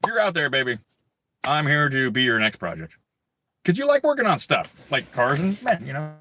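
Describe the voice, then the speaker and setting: Bright-voiced man on an angry rant. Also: a little high, very animated, moderate pace, a little hiss or hum. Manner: angry, crude, rambling with many fillers and restarts. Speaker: livestream host. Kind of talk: profane ranting monologue.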